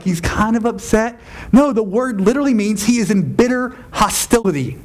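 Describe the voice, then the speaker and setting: A man preaching a sermon as pastor, conversational and emphatic, often repeating his phrases. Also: extremely high pitch.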